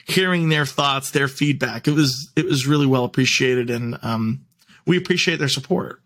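A man's voice: mid-range voice, moderate pace, fairly bright tone. A young man in casual conversation, chatty and easygoing, often filling his sentences with "like" and restarting them. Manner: chatty, heavy use of "like" and restarts. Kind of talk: casual chat.

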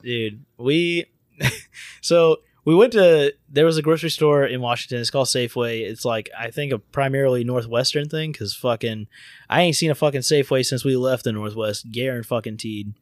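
A young man tells a story in casual chat, cursing freely and breaking into loud laughter. His voice sits at a middle pitch. It sounds close and dry, with no room around it. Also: moderate pace, no echo. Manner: profane, laughs loudly, animated storyteller.

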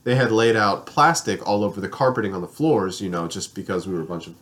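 A man's voice: lowish voice, fast talker, fairly bright tone. A young man on a podcast, telling a long party story with lots of swearing and fillers. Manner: rambling, profane, filler-heavy storytelling. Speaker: podcast co-host. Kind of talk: casual storytelling chat.

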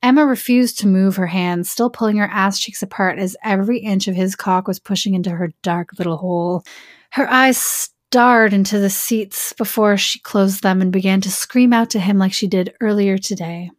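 A woman's voice: medium pitch, moderate pace, no echo, clean studio sound. A woman podcast host reading an erotic story aloud and breaking off into joking asides.

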